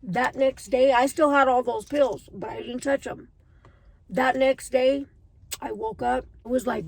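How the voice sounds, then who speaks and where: A woman in her thirties with a fairly high voice, telling her personal story straight to her viewers. She talks in an earnest, emotional way, as if confiding in friends. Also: fairly even intonation, unhurried, vocal fry, a little mellow, no echo, poor audio.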